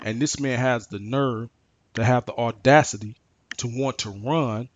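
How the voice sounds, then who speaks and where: A man's voice: mid-range voice, unhurried, dry recording, dull audio. A man giving his opinion in an unscripted monologue, firing off rhetorical questions, often stumbling and restarting his words as he presses his points. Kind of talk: unscripted monologue on current affairs.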